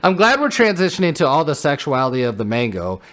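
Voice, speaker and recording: Guy on a podcast, kinda high voice, bounces all over, laughs a lot while joking around. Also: fast talker. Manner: animated, laughing, jokey banter. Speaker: podcast co-host. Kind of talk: casual chat.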